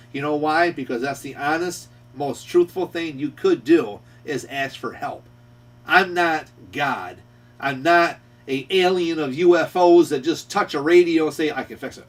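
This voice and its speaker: A middle-aged man in a confrontational rant, scolding someone and circling back to the same points. His voice sits a little high for a man. He sounds somewhat distant from the microphone. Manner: confrontational, scolding, repeats himself. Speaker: radio repair shop owner. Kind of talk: ranting call-out video.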